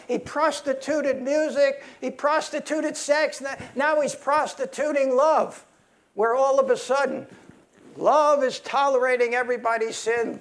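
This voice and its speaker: A man preaching a sermon in a heated, emphatic way, often restarting his sentences. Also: very high-pitched.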